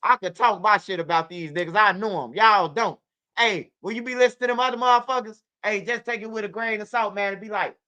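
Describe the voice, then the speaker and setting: Here the Chicago woman speaks briskly at a medium pitch. Hosting her channel, she delivers animated, profane, repetitive stories as casual livestream commentary.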